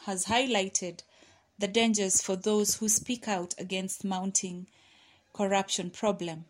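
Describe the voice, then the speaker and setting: A woman presenting a case study, reading a prepared talk with fillers and restarts as she goes. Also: mid-range voice. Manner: reads with hesitant fillers and restarts, quotes others aloud.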